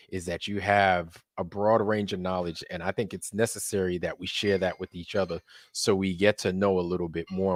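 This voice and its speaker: Laid-back low-voiced male streamer. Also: no room sound, clean studio sound. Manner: laid-back, chatty, laughs often, says "man" a lot. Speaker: livestream host. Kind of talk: casual live-stream chat.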